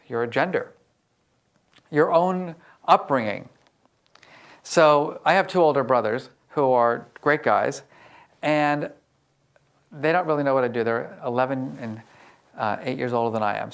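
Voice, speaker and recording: Lively man giving a public talk. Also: mid-range voice, creaky. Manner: lively, acts out quoted dialogue. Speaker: emotional intelligence researcher and speaker. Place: in front of a live audience.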